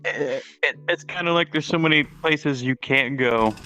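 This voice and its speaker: A man's voice: on the high side, normal speed, sharp tone, clean tone, dull audio. A man hosting a casual chat, with frequent friendly affirmations.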